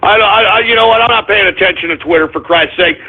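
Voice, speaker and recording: Man, radio host, comedic rant, exasperated, high lively voice, tinny lo-fi sound. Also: fast, very noisy. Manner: exasperated, swings between muttering and shouting. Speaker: internet radio show host. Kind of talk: comedic ranting radio monologue. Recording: tinny phone-like lo-fi audio.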